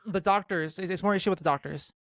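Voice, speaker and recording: A woman's voice: on the low side, quick pace, no room sound. A trans woman co-hosting a podcast, chatting casually, swearing often and restarting her sentences a lot. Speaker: podcast co-host. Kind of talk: casual chat.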